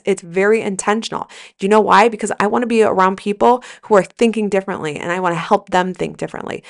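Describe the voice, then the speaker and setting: Emphatic gravelly-voiced woman podcast host. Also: fairly low pitch. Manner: emphatic, energetic, swears freely, repeats phrases for emphasis. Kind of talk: motivational podcast monologue.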